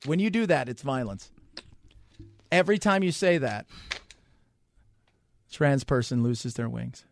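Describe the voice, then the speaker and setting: A man's voice: medium pitch, expressive, a little slow, gravelly, a little hiss or hum. A man hosting a radio talk show, fired up and sarcastic as he rants.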